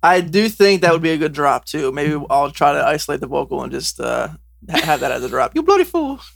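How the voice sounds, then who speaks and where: A podcast co-host trading quick jokes and asides in casual banter. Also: medium pitch, fairly even intonation, gravelly, dry recording, studio quality.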